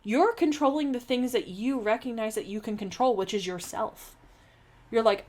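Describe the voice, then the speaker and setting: A woman's voice: mid-range voice, normal speed, darkish tone. A young adult woman giving a tarot reading, talking earnestly and encouragingly with many restarts and fillers. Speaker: tarot reader.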